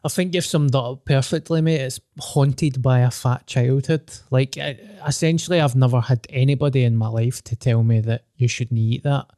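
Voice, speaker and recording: A man's voice: medium pitch, fairly even intonation, moderate pace, hardly any pauses, mellow, no echo, clean studio sound. A young Scottish man hosting a casual podcast chat, candid, joking and swearing freely. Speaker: podcast host.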